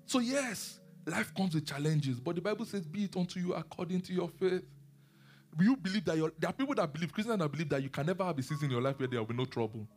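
A man preaching a sermon and teaching the Bible, animated, asking his listeners questions and laughing often. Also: a little high, racing, hardly any pauses, soft background music.

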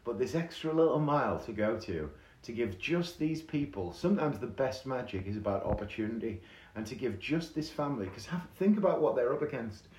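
A man hosting a podcast, telling a story in a chatty, animated way with casual fillers. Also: medium pitch, brisk, slight background noise. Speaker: podcast host. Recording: echoey room.

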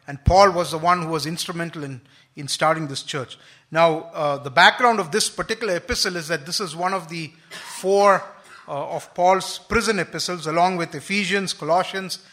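High, bright-voiced male preacher. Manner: unhurried, thoughtful, frequent fillers and restarts. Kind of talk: sermon.

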